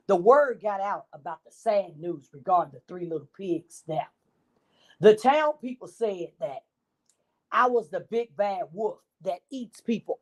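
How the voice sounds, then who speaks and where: A woman reading a children's bedtime story in an expressive, animated way. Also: mid-range voice, measured pace.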